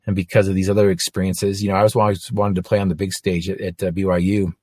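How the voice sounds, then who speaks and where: A man's voice: sits low, little pitch movement, quick pace, a little mellow, husky, no room sound. A man in his forties giving an earnest faith testimony, telling his story with frequent restarts. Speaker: inspirational speaker.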